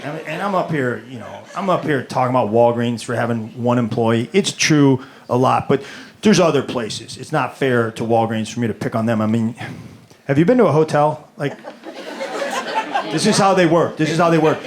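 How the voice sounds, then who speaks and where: A man's voice: mid-range voice, expressive, normal speed. A man doing a stand-up comedy set, rambling and exasperated, repeating his words as he rants. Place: comedy stage with live audience. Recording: roomy club with audience noise.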